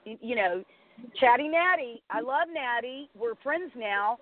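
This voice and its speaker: A middle-aged woman hosting a casual chat, telling stories in an animated way and acting out what others said. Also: on the high side, a little slow. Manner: animated storyteller, acts out quotes. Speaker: host. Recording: tinny phone line.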